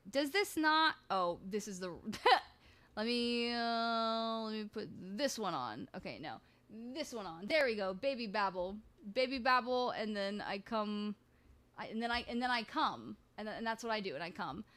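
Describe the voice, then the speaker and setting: A woman's voice: on the high side, a bit bright. A woman streaming live, chatting in a rambling, jokey way full of crude banter. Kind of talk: casual livestream chat.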